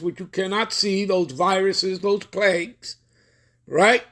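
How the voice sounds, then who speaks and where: A man teaching a bible-study sermon, reading verses slowly and often stopping to check that listeners follow. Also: high-pitched, steady tone, a bit bright. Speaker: scripture teacher.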